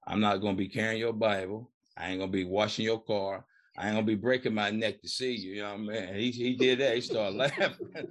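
Talking fairly quickly with fairly even intonation, a middle-aged recovery coach recounts his story as a podcast guest. His voice is on the low side and a bit bright, and he's colloquial, voicing the people he quotes and saying "man" and "you know" a lot.

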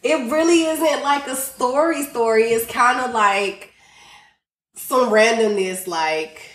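A woman's voice: fairly high pitch, slow, a bit bright, reverberant. A woman guest on a podcast, chatting casually and giving blunt, emphatic advice. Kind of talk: casual chat.

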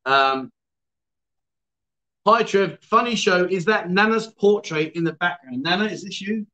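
A man's voice: high-pitched, animated, a little slow, bright, forceful tone, dull audio. A man hosting a casual livestream, reading out viewer comments and teasing his guests. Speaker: livestream host.

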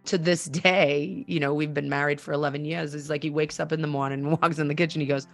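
A woman's voice: low-pitched, fairly even intonation, quick pace, gravelly, hardly any pauses, soft background music. A woman hosting a personal storytelling podcast, talking candidly and conversationally with frequent fillers. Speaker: podcast host.

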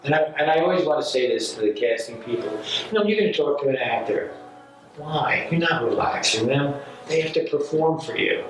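A man's voice: a little high, a little fast, far from the mic, soft background music. A man from New York, a working actor, chatting casually and telling stories full of acted-out quotes. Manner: rambling, animated storyteller, acts out quotes. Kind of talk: casual conversation. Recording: echoey room from off mic, faint ambience.

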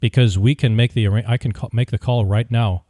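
Guy doing a stern hotel official laying down the rules, flat bureaucratic tone, dry close sound, middle pitch. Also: fairly quick, no room sound, close to an everyday voice. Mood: threatening. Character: curt male hotel officer making threats.

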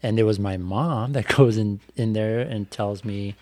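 A man's voice: lowish voice, a little slow, a little mellow, dry recording. A man, a bike racer, telling a personal story on a podcast in a candid, reflective way with lots of fillers. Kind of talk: casual podcast conversation.

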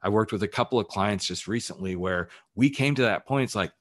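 A man's voice: lowish voice, a little fast, fairly bright tone. A man who works as a life coach, giving a candid, emphatic motivational talk on his podcast and swearing casually as he goes.

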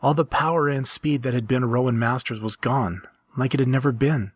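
A man reading a story aloud and voicing an earnest young woman who once was powerful, speaking in a soft, halting, confiding way. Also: mid-range voice, dry recording, studio quality, pitched above the performer's own voice, natural voice.

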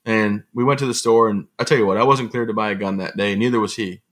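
A man from Michigan, a motivational speaker as guest, telling lively self-mocking stories in a casual way. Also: lowish voice, quick pace. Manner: lively, self-mocking, often laughing and acting out quotes. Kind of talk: casual anecdotal storytelling.

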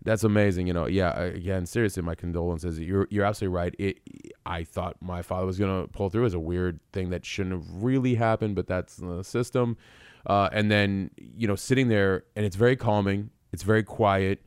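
A man hosting a podcast interview, earnest and encouraging, talking quickly. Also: low-pitched, fairly even intonation, a little mellow, clean tone, no room sound, studio quality. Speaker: podcast host. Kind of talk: conversational interview.

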